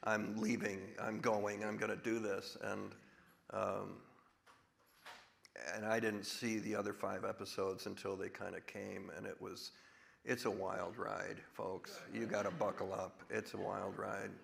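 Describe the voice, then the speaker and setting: A man's voice: lowish voice, level tone, measured pace, gravelly, fairly bright tone. A man in his sixties, an actor guest in a live stage conversation, talking in a rambling way with many restarts. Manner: rambling with restarts, drops into big put-on voices when quoting.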